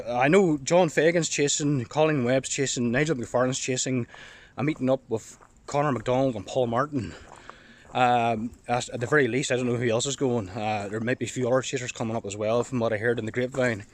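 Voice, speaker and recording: A Northern Irish man talks to his camera while walking a dog through the countryside, slightly out of breath from the walk. He sounds excited and thinks out loud in loose, rambling sentences. His pitch sits in an ordinary middle range. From Northern Ireland. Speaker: storm chaser vlogger. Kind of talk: casual vlog monologue.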